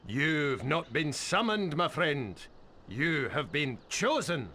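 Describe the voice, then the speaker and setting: A man's voice: a little high, big pitch swings, slow pace, sharp tone, a little hiss or hum, heavily acted. A flowery, fawning old man. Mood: pleading. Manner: flowery, eager to please, dramatic gasps. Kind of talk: video game voice acting.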